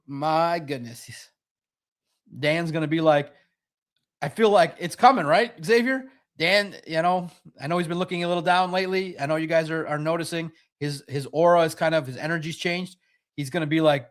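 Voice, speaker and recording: Brief: man with a high voice, sports podcast host, lively and joking. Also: moderate pace. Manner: animated, mocking impressions of others. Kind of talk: casual sports talk.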